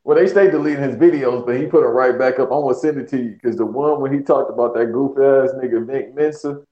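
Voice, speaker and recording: Slangy joking man in a roomy, dull recording. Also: mid-range voice. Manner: quick joking comebacks, slangy. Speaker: podcast guest. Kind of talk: casual podcast banter.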